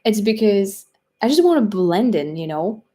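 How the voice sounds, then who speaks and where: Young French-accented woman, casual livestream host, rambling and chatty, mid-pitched. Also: very animated, moderate pace, warm tone. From France. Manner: chatty, rambling, frequent fillers and laughs. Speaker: livestream host reading viewer chat. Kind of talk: casual live-stream chat.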